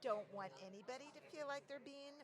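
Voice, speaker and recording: A woman's voice: sits high, brisk, a crowd in the background. A woman co-hosting a show, chiming in with short remarks during a casual interview. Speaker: podcast co-host.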